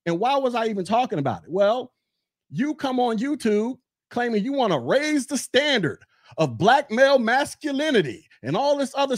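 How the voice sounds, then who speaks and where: A man rants on his podcast, mocking a rival and coming back again and again to the same taunts. His voice sits high for a man. It is recorded close and dry, with no room sound. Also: no room sound. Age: 40s. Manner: mocking, heated, repeats taunts. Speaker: podcast host. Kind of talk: casual commentary rant.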